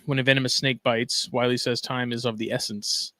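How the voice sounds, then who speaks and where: A man's voice: mid-range voice, flat delivery, brisk, pushed and bright, dry recording. Laid-back man co-hosting a podcast. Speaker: podcast co-host. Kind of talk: casual chat, reading news aloud.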